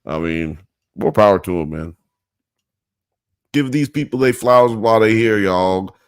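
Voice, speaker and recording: A man's voice: fairly low pitch, measured pace, smooth, no room sound, studio quality. A man hosting a live show, chatting in a loose, rambling, slangy way. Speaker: podcast host. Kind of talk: casual live-show chat.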